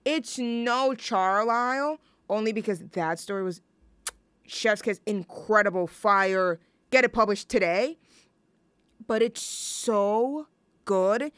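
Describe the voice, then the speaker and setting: Gushing young woman with a smooth voice. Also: medium pitch, a little slow, no room sound, studio quality. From New York, USA. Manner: gushing, excitable, lots of filler words and slang. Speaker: show host introducing songs. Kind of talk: casual chat.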